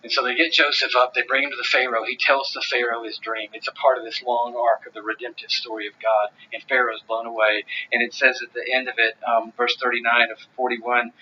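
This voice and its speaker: A man's voice: medium pitch, little pitch movement, a little fast, few pauses, pushed and bright, lo-fi sound, a little hiss or hum. A man preaching a sermon, emphatic and driving, repeating phrases for stress. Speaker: pastor.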